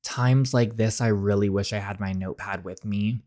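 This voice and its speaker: A man's voice: fairly low pitch, fairly even intonation, normal speed, darkish tone, lightly acted. Man reading a laid-back young islander guy. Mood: easygoing. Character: young British male islander, friendly, easygoing.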